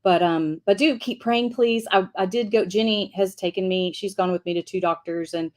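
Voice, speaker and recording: A woman's voice: mid-range voice, normal speed, darkish tone. A middle-aged woman hosting a devotional livestream, telling a story to her viewers in a chatty, rambling way with frequent laughs. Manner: chatty and rambling, many restarts and fillers; upbeat, laughs often. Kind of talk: casual storytelling chat to viewers.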